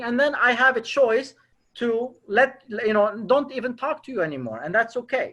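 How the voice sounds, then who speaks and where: A man's voice: very high voice, expressive, fast, bright, forceful tone. A man leading a live sales workshop, acting out phone calls and quizzing his audience. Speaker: sales trainer.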